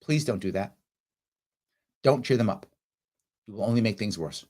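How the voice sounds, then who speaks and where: A man's voice: lowish voice, expressive, moderate pace, a little mellow. A middle-aged man hosting a talk show, giving an emphatic motivational monologue and acting out quoted voices.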